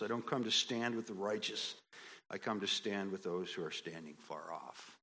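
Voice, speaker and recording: A man preaching a sermon, animated and folksy, acting out quoted voices and building to emphatic peaks. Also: deep voice, moderate pace. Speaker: pastor.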